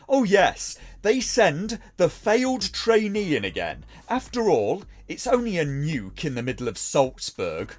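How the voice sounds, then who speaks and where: A man reviewing a TV episode in a dry, sarcastic, mocking way. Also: mid-range voice.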